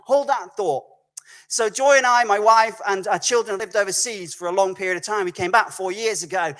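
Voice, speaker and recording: A man preaching as a guest speaker in a recorded video message, telling stories in a conversational, animated way and often correcting himself mid-sentence. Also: high-pitched, moderate pace. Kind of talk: storytelling sermon.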